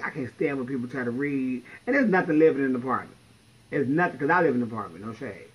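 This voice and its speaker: A man's voice: medium pitch, animated, quick pace, slightly rough, muffled recording. A man in drag livestreaming from home, telling stories with a blunt, profane, sassy manner. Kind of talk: casual livestream storytelling.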